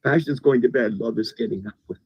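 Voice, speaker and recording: A man from the United States, a guest in a casual conversation, who talks haltingly and repeats words as he starts his sentences. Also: medium pitch, breathy edge, dry recording. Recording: dull lo-fi recording.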